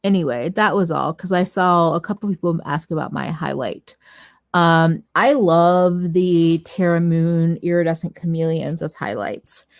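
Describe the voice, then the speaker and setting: A woman's voice: on the low side, a little slow, gravelly, no echo. A woman chatting casually on a makeup livestream, rambling and correcting herself as she goes. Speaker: co-host of a beauty livestream. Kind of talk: casual chat about makeup.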